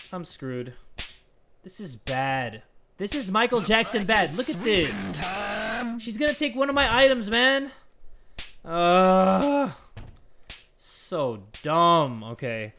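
A young man giving excitable let's play commentary, swinging between whispers and shouts at the game. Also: high-pitched, slow pace, long pauses, a crowd in the background. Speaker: gaming YouTuber.

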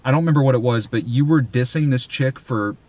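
A man hosting a vlog in a casual, profane rant, excitable and jumping between loud outbursts and muttered asides. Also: medium pitch, quick pace, dry recording. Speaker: vlog host.

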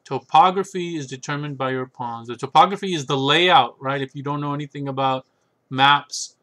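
A man's voice: a little high, fairly even intonation, normal speed, pushed and bright. A man talking casually and rambling about his books, tossing in sarcastic asides and frequent "right?" checks. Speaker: chess book reviewer. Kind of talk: casual solo talk.

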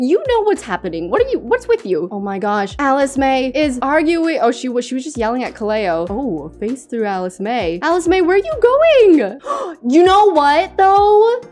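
A young woman giving casual, excitable commentary while playing a life-sim game, chatty and full of "like" asides. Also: fairly high pitch. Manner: chatty, excitable, says "like" a lot, bursts of laughter. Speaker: game streamer. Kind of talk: casual let's-play commentary. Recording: faint music behind.

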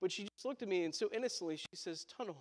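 High-voiced man preaching a chatty sermon. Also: very fast, big-room sound. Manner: chatty anecdotes with asides to the congregation. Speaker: pastor. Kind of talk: storytelling sermon.

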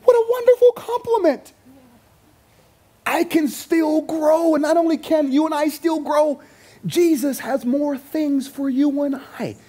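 A man's voice: extremely high pitch, unhurried. A male pastor preaching a sermon to his congregation, acting out quoted voices as he goes. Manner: animated, acts out quotes in voices. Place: church sanctuary.

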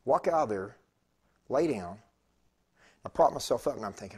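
A man preaching a sermon, telling a story with animated swings between loud bursts and hushed tones. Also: medium pitch, normal speed, breathy edge.

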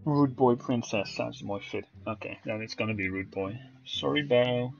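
A man's voice: mid-range voice, normal speed, creaky, dull audio. Joking male streamer, faint music. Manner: joking, teasing banter. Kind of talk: casual game commentary.

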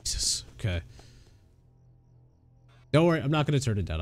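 A man streaming a horror game with an animated, swinging voice that jumps around as he yelps, swears and laughs at each scare. Faint game music plays behind him. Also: fairly high pitch, moderate pace, gravelly, pauses often. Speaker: gaming streamer. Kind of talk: livestream horror game commentary.

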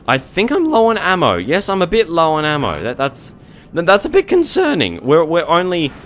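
A young man giving jokey, excitable gameplay commentary, talking back to the monsters on screen. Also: fairly low pitch, slight background noise. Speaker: let's play gamer.

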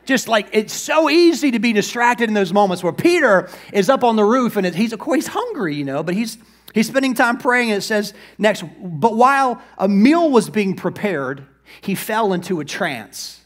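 A male pastor preaching a sermon, lively, acting out Bible figures in quick asides. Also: sits high.

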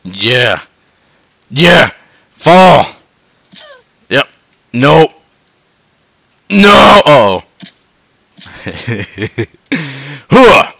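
A man commenting on a game he is playing, his gravelly, bright voice jumping wildly between low mutters and high yelps. He swears constantly and talks slowly. The sound is dry and close. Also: big pitch swings, dry recording. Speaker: gameplay commentator. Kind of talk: profane let's-play commentary.

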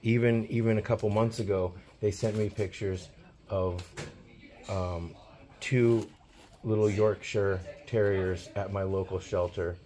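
A man with a fairly low voice hosts an on-location rescue vlog. He is chatty and earnest, and he explains care tips as he goes. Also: steady tone, unhurried, dark tone. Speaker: host of animal rescue channel. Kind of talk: casual on-location vlog chat.

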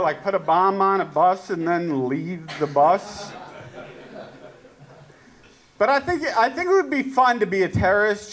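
A male stand-up comedian performing a live set, ranting and sarcastic, jumping between loud outbursts and low mutters. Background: audience laughter.

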